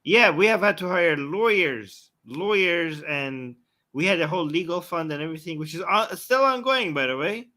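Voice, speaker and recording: A man's voice: fairly high pitch, lively intonation, normal speed, sharp tone. A man co-hosting a casual live-stream chat, teasing and insistent as he corrects someone. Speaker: co-host.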